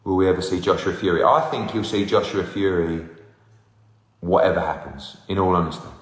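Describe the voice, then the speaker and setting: This is a man in his forties answering fan questions in a casual live Q&A, teasing people as he reads out what they wrote. He has a deep voice with fairly even intonation and talks fairly quickly, in a roomy setting with long reverb.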